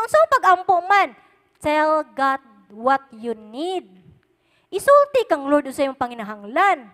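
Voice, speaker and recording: A woman with a Cebuano Filipino accent preaching a sermon, swinging between hushed asides and loud, emphatic points, mixing English with Cebuano. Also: high-pitched. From Philippines. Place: church service at a youth event. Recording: long reverb of a church hall.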